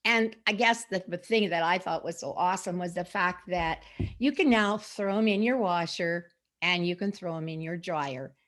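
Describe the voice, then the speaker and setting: A woman's voice: on the low side, normal speed. A middle-aged woman chatting casually to camera about a product she sells, rambling and restarting often. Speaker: sock sales associate.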